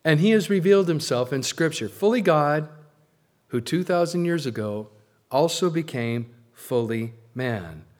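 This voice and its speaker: A man preaching a sermon as pastor, stressing key words loudly and then dropping low and slow. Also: lively intonation.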